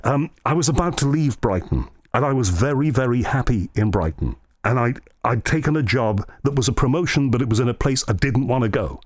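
A man's voice: medium pitch, a little fast, hardly any pauses, no echo, studio quality. A man from England, a radio host, telling earnest stories in casual chat. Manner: storytelling, earnest, animated anecdotes.

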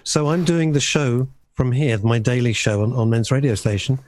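A man from England, a radio presenter, talking in a halting, emphatic way in casual chat. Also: mid-range voice, a little mellow.

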